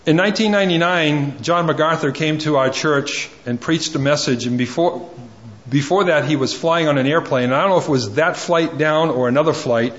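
A man's voice: on the high side, moderate pace, fairly bright tone, dull audio. A male pastor preaching a sermon, pleading earnestly and driving points home with emphatic repetition.

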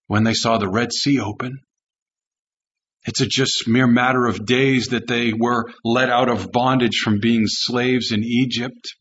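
A man's voice: medium pitch, a bit bright, highs cut off. A male pastor preaching a sermon with an emphatic, repetitive cadence.

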